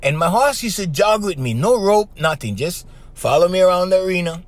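A middle-aged podcast host delivers a casual monologue, telling stories animatedly and checking in with "right?" again and again. His voice sits high and carries the strength of a trained singer, moving fairly quickly with no room sound.

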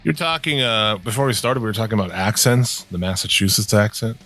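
Low-voiced, crude-talking male podcast host. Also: a little fast, a bit bright, faint music behind. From upper Midwest US. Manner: crude, profane and rambling. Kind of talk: casual chat.

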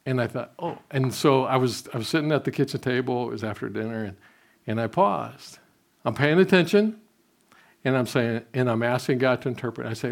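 An older man giving a conversational sermon, telling personal stories and dropping his voice softly when quoting his prayers. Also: medium pitch, a little fast, creaky. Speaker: pastor.

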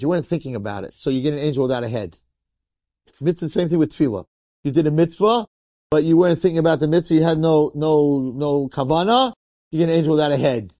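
A man, a rabbi, telling a story in a sermon in a lively, conversational way, acting out the people in it. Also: fairly high pitch, no echo, clean studio sound. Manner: animated, conversational, acts out quotes.

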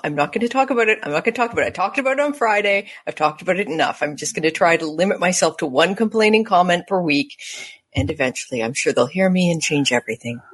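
A woman's voice: sits low, breathy edge. A woman from Montreal, a podcast co-host, talking in a wry, chatty, self-deprecating way. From Montreal, Canada. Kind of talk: casual podcast chat.

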